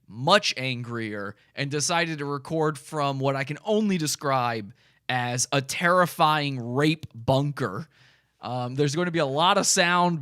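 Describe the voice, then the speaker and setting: A man's voice: on the high side, bright, forceful tone, smooth, no room sound, clean studio sound. A man hosting a podcast, giving mocking, sarcastic commentary on a video and describing it for listeners. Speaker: podcast host.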